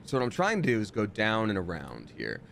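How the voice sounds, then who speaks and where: A man streaming a game live, chatting and reading out chat, breaking into loud surprised outbursts. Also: fairly low pitch, huge pitch swings, fairly quick, vocal fry, a little hiss or hum.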